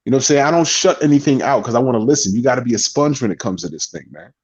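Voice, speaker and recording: A mid-pitched man rambles casually on a boxing talk stream, dropping swear words and restarting his sentences. The sound is dull and lo-fi. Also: animated, rapid-fire, husky. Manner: loose, profane, rambling with restarts. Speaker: boxing talk show panelist. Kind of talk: casual panel chat.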